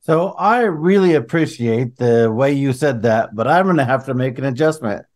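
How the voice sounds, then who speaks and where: A man co-hosts a podcast in an enthusiastic, chatty manner at a mid pitch. He speaks casually, as a teacher talking with a guest. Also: animated, moderate pace. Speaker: co-host, chemistry teacher. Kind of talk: podcast co-hosting chat.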